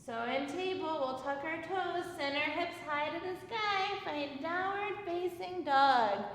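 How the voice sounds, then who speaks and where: High-voiced playful kids yoga teacher. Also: female voice, a little slow, slight background noise. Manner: gentle, playful, sing-song cues. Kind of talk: guided kids yoga class. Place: yoga studio room. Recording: very echoey room with long reverb.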